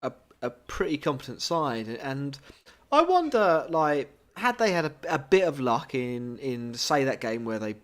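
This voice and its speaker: A man co-hosting a podcast speaks a little slowly in a medium-pitched voice with big pitch swings. In a casual, chatty conversation he talks freely, pokes fun at himself, and steers the discussion by asking questions.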